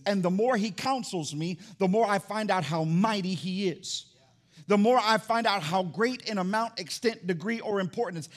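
A middle-aged man preaching a sermon in church as pastor, emphatic and repeating his key phrases. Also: high voice.

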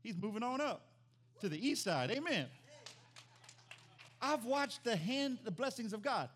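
Animated preaching man, high lively voice. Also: measured pace, slight background noise. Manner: animated, rising to near-shouts. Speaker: pastor. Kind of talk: sermon.

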